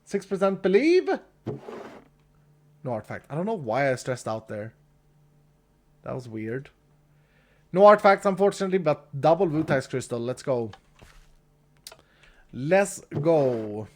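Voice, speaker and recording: A man's voice: on the high side, sing-song, normal speed, pauses often, slight background noise. A man streaming a game live, chatting casually with his viewers, reading chat, thanking donors and laughing easily.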